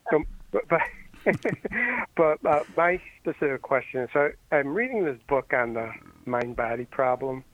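A man's voice: mid-range voice, normal speed, no echo. A man calling in to a radio show, asking his question hesitantly with many fillers, over a phone line. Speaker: caller.

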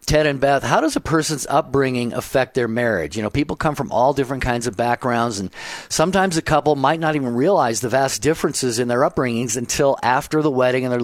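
A man hosting a call-in radio show, introducing guests and reading out the phone number with halting restarts. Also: mid-range voice, no echo. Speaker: radio host. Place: radio studio.

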